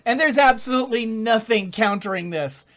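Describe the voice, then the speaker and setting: A woman's voice: fairly high pitch, moderate pace, a bit bright. A woman hosting a let's play, commenting on her game with dramatic groans, cries of dismay and frequent laughter. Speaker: gaming channel host.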